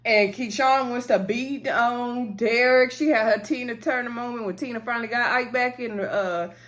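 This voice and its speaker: A woman's voice: a little high, fairly even intonation, moderate pace, fairly bright tone. A woman giving a casual, chatty episode recap to her viewers, acting out the characters' lines as she goes. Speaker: TV episode reviewer.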